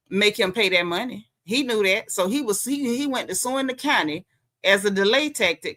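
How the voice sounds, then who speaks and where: Hosting a laid-back livestream recap of a reality show, this woman from the Southern United States speaks with a Southern accent, emphatic and chatty, leaning heavily on slang. Her medium-pitched voice sounds pushed and bright.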